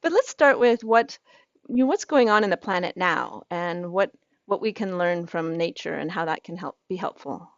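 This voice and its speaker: A woman's voice: fairly low pitch, animated, normal speed, no echo. A woman hosting an interview show, introducing her guest and asking questions in an encouraging way. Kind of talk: hosted interview. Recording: dry, dull lo-fi sound.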